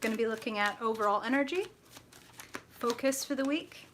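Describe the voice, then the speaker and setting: A woman's voice: brisk, a little hiss or hum. A woman hosting a live tarot stream, chatting with viewers and laughing often. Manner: laughs often, greets viewers with high excited shouts. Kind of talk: bubbly live-stream chat.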